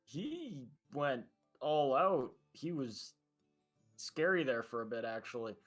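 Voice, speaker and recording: Man doing a friendly, flustered teen hero for a tabletop game, halting and full of restarts. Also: mid-range voice, very animated, faint music behind. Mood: earnest.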